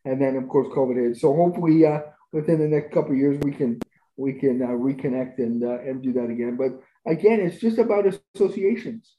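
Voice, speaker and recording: A man's voice: mid-range voice, a little fast, dark tone. A man telling stories as a podcast guest in a conversational, enthusiastic way. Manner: enthusiastic, gushing about experiences. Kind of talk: conversational storytelling. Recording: roomy echo.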